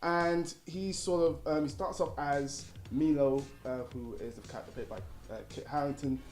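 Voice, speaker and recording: A man's voice: a little high, normal speed, reverberant. Chatty young man reviewing films. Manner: animated and laughing, rambling with restarts. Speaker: film reviewer. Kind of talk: casual film review chat.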